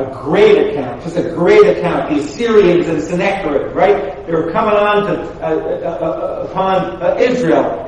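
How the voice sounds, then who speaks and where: Pastor delivering a sermon to his congregation, halting and repetitive but emphatic, high voice, distant mic in a big echoey sanctuary. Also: a little mellow, slight background noise. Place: church sanctuary.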